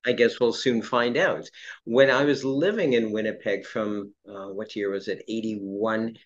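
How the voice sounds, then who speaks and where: A man's voice: on the low side, a little slow. A man interviewing, reminiscing in a rambling way and stopping to search for names and dates. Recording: dull lo-fi sound.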